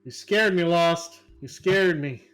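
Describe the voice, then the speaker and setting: A man's voice: fairly high pitch, takes it slowly, a bit bright, clean tone, faint music behind. A man chatting casually on a live stream at home, exclaiming and repeating words.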